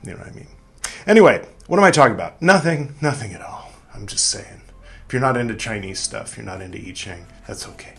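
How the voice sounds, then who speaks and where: A man's voice: mid-range voice, expressive, fast talker, gravelly, a bit bright. A young man hosting a podcast, chatting casually and rambling, mocking himself with lots of fillers and restarts. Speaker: podcast host. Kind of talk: casual chat to camera.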